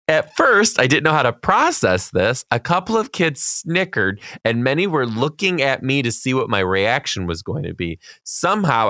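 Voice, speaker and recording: A man's voice: medium pitch, pushed and bright, dry recording. A man co-hosting a podcast, reading listener emails aloud and reacting with dry remarks. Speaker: podcast co-host. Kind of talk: casual chat.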